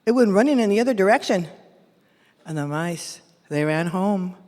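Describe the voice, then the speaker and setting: A woman from San Jose performing a bilingual folk tale live, animated and mixing Spanish with English. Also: medium pitch, normal speed. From San Jose, California. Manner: animated, switches between Spanish and English phrases. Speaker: storyteller. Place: large event hall. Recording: echoey hall from a live event.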